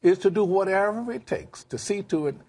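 A man's voice: high-pitched, lively intonation, brisk, a little mellow, husky. A man answering questions in a television interview, emphatic and prone to repeating key phrases. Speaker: interviewed actor.

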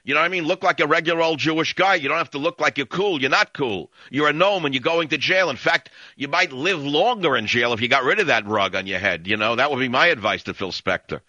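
A man hosts a call-in radio show in a studio, rambling and sardonic with strong opinions, delivering monologues and taking calls on a studio microphone. His fairly high voice is expressive, bright and forceful, quick with few pauses, recorded lo-fi with no room sound.

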